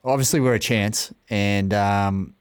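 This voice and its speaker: A man's voice: fairly low pitch, steady tone, unhurried, clear, resonant tone, no echo. A man with an Australian accent co-hosting a chat, joking and teasing his guest. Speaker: co-host. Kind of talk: casual podcast chat.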